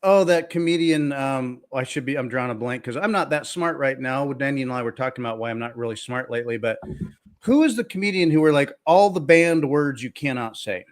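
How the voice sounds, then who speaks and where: A man's voice: medium pitch, a little fast. A man co-hosting a podcast in casual chat, easygoing and a little hesitant, reaching for words with fillers and laughing often. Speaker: podcast co-host.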